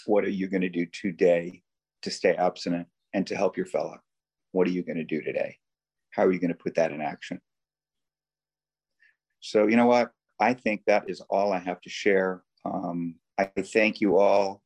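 A man sharing earnestly and haltingly at a recovery meeting over a video call. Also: sits low, fairly even intonation, a little mellow.

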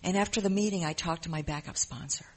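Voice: medium pitch, fast talker. A speaker giving an earnest, emotional personal testimony in a recovery program, often repeating phrases. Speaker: member sharing in a recovery program.

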